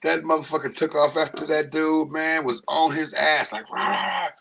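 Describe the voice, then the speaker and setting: A man's voice: a little high, steady tone, moderate pace, vocal fry, a bit bright. A man telling stories in a casual chat, acting out the people he quotes. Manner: acts out quotes in funny voices.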